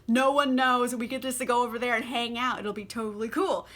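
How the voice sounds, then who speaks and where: A young woman with a bright, forceful voice pitched a bit high talks casually over a glass of wine. She is chatty and sarcastic, and scatters "like" through every sentence. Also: fairly even intonation, fairly quick. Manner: chatty and sarcastic, heavy use of "like"; drinking wine while talking. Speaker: book vlogger. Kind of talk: casual chat.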